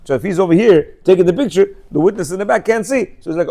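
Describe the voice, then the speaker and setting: Middle-aged guy giving a torah class, pretty high voice, keeps hammering the same point over and over. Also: lively intonation, quick pace, dark tone. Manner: emphatic, repetitive, scolding. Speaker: religious teacher.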